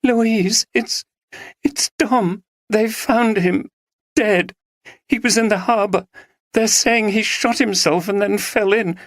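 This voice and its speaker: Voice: expressive, no room sound, studio quality. A narrator voicing a sobbing young woman. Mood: distraught. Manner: high, trembling, rushed pleading. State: crying. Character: distraught young woman, tearful and frantic.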